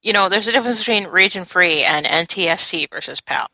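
A woman's voice: fairly low pitch, quick pace, bright, forceful tone, no echo, poor audio. A woman co-hosting a casual gaming podcast, wryly reading out listener mail. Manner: wry, reads listener mail. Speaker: podcast co-host.

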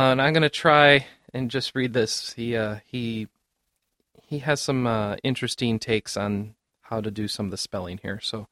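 A man's voice: medium pitch, bright, forceful tone, dry recording. A man hosting a casual gaming podcast, joking and laughing often. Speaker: podcast host.

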